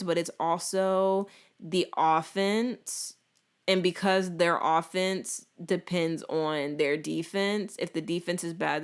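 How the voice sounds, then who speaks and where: A woman's voice: lowish voice, smooth. A young woman hosting a casual podcast, chatty and opinionated with playful asides. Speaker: podcast host. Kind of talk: casual chat.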